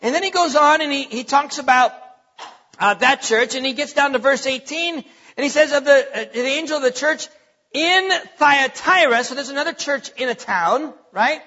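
High-voiced man preaching in a big hall. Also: normal speed, bright, forceful tone. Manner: emphatic preaching with repeated phrases and fillers. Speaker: pastor. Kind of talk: sermon. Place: church sanctuary. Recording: lo-fi with long hall reverb.

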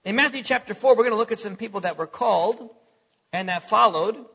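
Middle-aged male preacher, bright and tense tone, conversational sermon with chuckles, echoing church hall. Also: high voice, a little fast, vocal fry, husky. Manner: conversational, repeats words, chuckles between points. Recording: lo-fi recording in a reverberant hall.

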